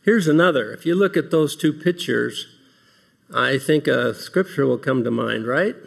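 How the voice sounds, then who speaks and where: Opening an earnest devotional talk for a large audience, a man poses rhetorical questions and reads scripture passages aloud. His mid-range voice is expressive, creaky and husky, moving at normal speed.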